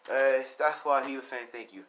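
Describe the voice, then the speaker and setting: A man's voice: medium pitch, normal speed. A man telling a fan story in a loose, rambling way, packed with fillers and swear words. His voice sits in an ordinary middle range, with a faint hiss behind it. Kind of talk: casual retelling of a fan story.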